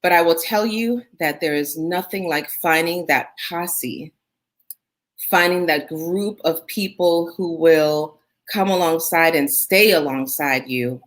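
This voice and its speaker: A woman hosting a talk show interview over a video call, encouraging her guest with quick affirmations. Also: low voice. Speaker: host.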